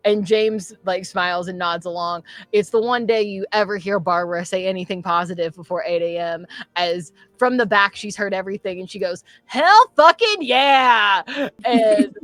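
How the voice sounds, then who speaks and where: Lively woman game master, lowish voice. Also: a little fast, no echo. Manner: animated storytelling with frequent laughs and swings in volume. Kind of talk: narrating a tabletop game.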